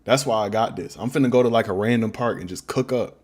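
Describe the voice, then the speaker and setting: Talking fast in a fairly low voice, a young beatmaker answers questions on his livestream, relaxed, rambling, and full of slang. There's background noise, including a faint beat.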